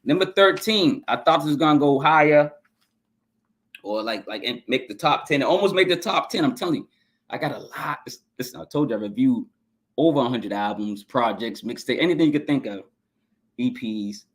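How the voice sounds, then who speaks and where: Male podcast host, mid pitch, enthusiastic and rambling in a casual review monologue. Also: animated, normal speed. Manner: enthusiastic, rambling, repeats himself, stumbles over names. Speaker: podcast host ranking albums.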